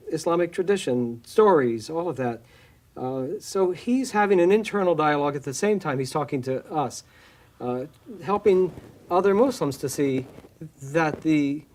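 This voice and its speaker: A man's voice: on the high side, a little mellow. A man from a church speaking in an interview, thoughtful and hesitant, with many fillers and restarts. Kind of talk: reflective interview talk.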